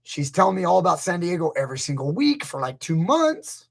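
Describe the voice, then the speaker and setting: A grappling coach hosting his channel's casual live stream rambles through stories, acting out what people said. His high-pitched voice is sing-song with vocal fry, and he talks a little fast.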